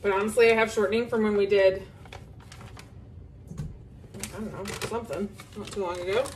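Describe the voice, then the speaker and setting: A woman's voice: mid-range voice, fairly even intonation, moderate pace, background noise. A woman in her thirties with a Southern US accent, chatting casually in her home kitchen for a cooking vlog, rambling with lots of ums. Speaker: cooking vlogger.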